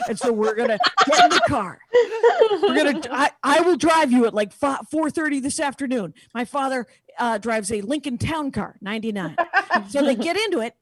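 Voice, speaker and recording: Woman stand-up on a video call: high, animated voice, dry close sound, digressive and self-mocking. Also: fast, dry recording. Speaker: stand-up comedian. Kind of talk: stand-up set on a live video stream.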